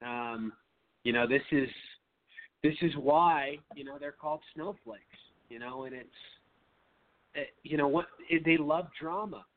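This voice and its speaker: A man's voice: a little high, measured pace, pauses often. A man hosting a political talk show, indignant and hesitant, with many fillers. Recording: tinny phone-like line.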